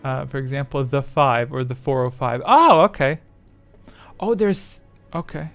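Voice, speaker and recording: A man's voice: medium pitch, unhurried, vocal fry, a bit bright, no echo, soft background music. A man chatting casually on his livestream, rambling and self-deprecating as his thoughts wander. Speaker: streamer.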